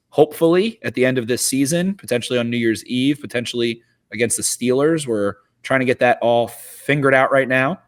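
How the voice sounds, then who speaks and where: A man's voice: medium pitch, clear, resonant tone. Young man, Baltimore accent, podcast co-host, boisterous, joking, casual sports chat. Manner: joking, boisterous, swears freely.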